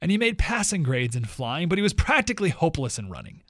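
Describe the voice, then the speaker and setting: A man hosts a talk radio show and reads a story aloud to his listeners. His voice sits a bit high and swings widely in pitch. The sound is dry and close. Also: dry recording. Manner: animated storytelling with quick asides.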